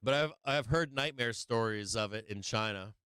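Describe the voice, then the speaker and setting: A middle-aged man talks in a loose, profane livestream chat style. His voice is smooth and resonant, and the sound is close and dry. He jokes constantly and swears freely. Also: lowish voice, moderate pace, pushed and bright, no room sound. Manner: crude, joking, laughs often, lots of swearing. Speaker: stock market livestream host.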